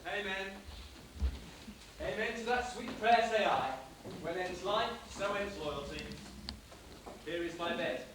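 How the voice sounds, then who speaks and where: Young guy doing an earnest lovesick young man, reciting verse, fairly high voice, far off in a boomy hall with hiss. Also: takes it slowly, long pauses. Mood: ardent. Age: young adult. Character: earnest young male lover, courtly and ardent. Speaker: amateur stage actor. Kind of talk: live school stage play. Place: school hall stage. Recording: echoey hall, distant mic, tape hiss.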